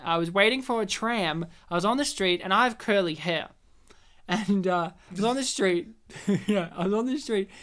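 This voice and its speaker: A woman, co-hosting a podcast and telling a story in a lively, laughing way. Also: mid-range voice, normal speed. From Australia. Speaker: podcast co-host. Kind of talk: casual chat, storytelling.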